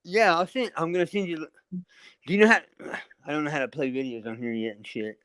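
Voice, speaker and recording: A man's voice: a little high, fairly quick, fairly bright tone, clear, resonant tone, dry recording, low-quality recording. A tired man chatting casually on a live online panel, rambling, swearing freely and laughing often. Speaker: panel guest.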